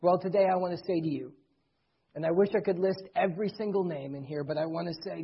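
A middle-aged man preaching a sermon as pastor, earnestly, swelling loud and then dropping soft. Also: high-pitched, fast, husky. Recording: dull lo-fi recording.

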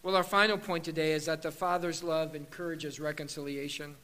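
A male pastor preaching a sermon with passion, moving between loud emphatic declarations and soft hushed passages. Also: a little high, level tone, a little fast.

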